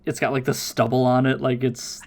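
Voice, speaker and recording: A man hosting a podcast, casually recapping an episode with lots of laughter and quick silly voices. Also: medium pitch, level tone. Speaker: podcast host.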